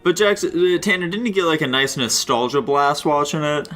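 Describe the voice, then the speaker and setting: Bright-voiced teasing podcast host. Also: male voice, fairly high pitch, lively intonation, fairly quick, faint music behind. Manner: teasing, asks the questions, crude jokes. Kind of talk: casual chat.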